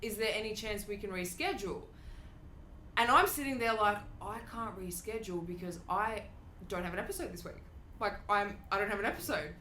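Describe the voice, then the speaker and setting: A woman hosting a podcast, telling a story in an animated, casual way and swearing freely. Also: mid-range voice, fairly quick, echoey room, a little hiss or hum. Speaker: podcast host.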